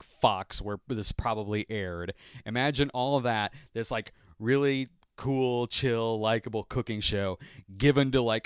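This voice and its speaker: A man's voice: lowish voice, fairly bright tone, clear, resonant tone, no room sound, studio quality. A man hosting his own podcast, rambling casually and laughing often as he talks. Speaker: podcast host. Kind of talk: casual solo podcast chat.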